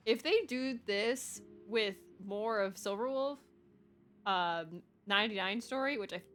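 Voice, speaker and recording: A young woman streamer reacting to a game story in casual, excitable, gushing talk. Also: mid-range voice, measured pace, faint music behind.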